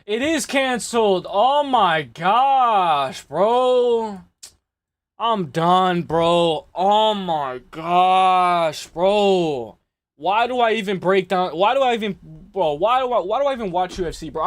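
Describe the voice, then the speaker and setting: A man's voice: high voice, lively intonation, a little slow, no echo. A young man hosting a casual livestream, talking loosely with lots of swearing and exasperated, mocking asides to his chat. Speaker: livestream host.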